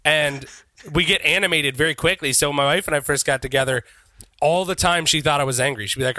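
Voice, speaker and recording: A bright, forceful man from Cincinnati co-hosts a comedy podcast, riffing animatedly and dropping swear words. His voice sits a little high and is recorded dry and close. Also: no room sound. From Cincinnati, Ohio. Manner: animated, swears freely, riffs in quick asides. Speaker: podcast co-host. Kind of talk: casual comedic chat.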